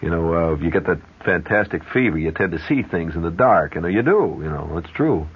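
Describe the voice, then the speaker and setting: Husky radio storyteller spinning a yarn. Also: male voice, low-pitched, fairly quick. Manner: rambling, animated yarn-spinning with asides. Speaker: radio host. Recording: dull 1970s radio broadcast.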